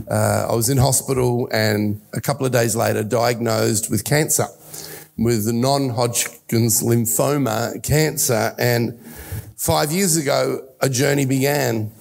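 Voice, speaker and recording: A man's voice: mid-range voice, creaky, a little mellow. An Australian pastor in his sixties preaching a sermon, telling personal stories earnestly with a few restarts. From Italy. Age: 60s.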